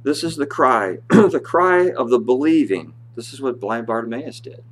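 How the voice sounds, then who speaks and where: A male pastor preaching a sermon in church, reading scripture aloud in a rising voice and dropping low to explain it. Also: lively intonation, normal speed, slight background noise.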